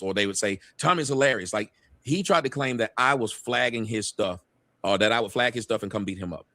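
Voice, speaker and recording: A man talking fast on a casual panel show, arguing his side with a lot of swearing. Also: mid-range voice, lively intonation, sharp tone, no echo.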